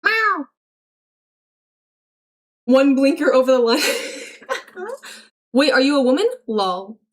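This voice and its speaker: High-voiced woman reading stream chat. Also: very animated, measured pace. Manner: chatty, reacts aloud while reading messages; swears freely, frequent laughter. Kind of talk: casual livestream chat reading.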